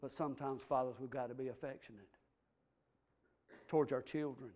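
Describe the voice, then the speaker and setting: A man preaching as pastor, emphatic, swinging from low, quiet asides to loud, stressed lines. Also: fairly even intonation, fairly quick. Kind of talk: sermon.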